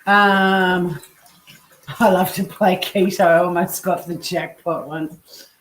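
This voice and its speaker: A woman's voice: lowish voice, fairly even intonation, takes it slowly, roomy sound, slight background noise. An Australian woman hosting a casual livestream while she cooks at home, chatting away, swearing casually and reading viewers' comments aloud. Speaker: livestream host. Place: home kitchen.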